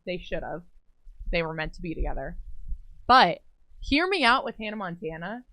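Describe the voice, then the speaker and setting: A woman's voice: on the low side, lively intonation, normal speed, pushed and bright, no room sound. A young woman in casual chat, opinionated and talkative. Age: young adult. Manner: opinionated, chatty.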